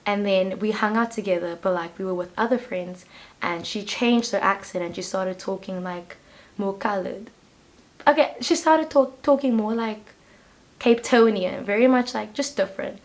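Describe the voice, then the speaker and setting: A South African woman talks through a pick-a-card tarot reading in a loose, conversational way. She rambles and fills her sentences with "like". Her voice sits at a middling pitch. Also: normal speed. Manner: chatty and rambling, leans on "like". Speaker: tarot reader.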